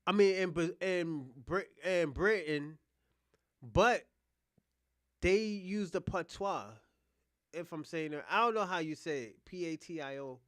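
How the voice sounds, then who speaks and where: An American livestream host reacts to clips, rambling, swearing, and chatting casually straight to his viewers. His voice is high-pitched, a little slow, and somewhat bright. The studio recording is clean with no room sound.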